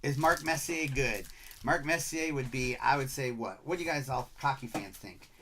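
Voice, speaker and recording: A man's voice: medium pitch, normal speed, background noise. A middle-aged man from Michigan with a Michigan accent, hosting a live card-break stream in upbeat, chatty patter, rattling off player names. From Michigan, USA.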